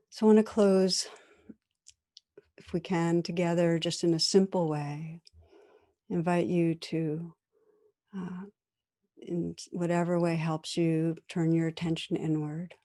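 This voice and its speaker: A woman meditation teacher giving a dharma talk, telling a story in a calm, measured, gentle way. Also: on the low side.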